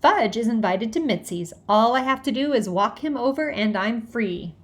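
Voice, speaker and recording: A woman's voice: fairly high pitch, expressive, moderate pace, lightly acted. A woman doing a teasing bossy preteen girl. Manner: teasing, sing-song.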